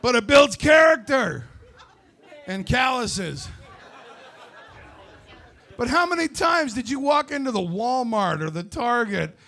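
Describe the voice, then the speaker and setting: Man in his forties, comedian, high voice, gravelly, brash stand-up storytelling. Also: sing-song, takes it slowly, long pauses, a faint crowd. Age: 40s. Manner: brash, loud storytelling with crude jokes.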